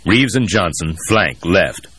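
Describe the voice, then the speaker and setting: A man reads as a terse military colonel barking short orders. The voice is low and husky, close and dry, with no room around it. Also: expressive, slow pace, fairly bright tone, no echo, full character voice. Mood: commanding. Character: gruff male military colonel, commanding.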